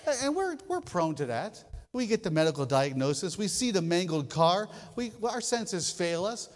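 A man with a fairly high voice delivers a sermon from the pulpit. He tells stories with animated emphasis and repeats short lines for effect. His voice rings with the long reverb of a large church hall. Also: moderate pace. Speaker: pastor.

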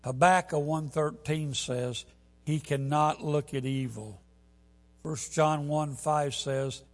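Man, preacher, sermon, gravelly, husky, storytelling, loud emphatic peaks. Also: fairly high pitch.

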